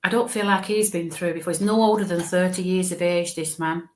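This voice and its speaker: A woman's voice: fairly low pitch, steady tone, brisk, roomy sound. A woman giving a live mediumship reading as a psychic medium, thinking aloud with frequent halts and restarts.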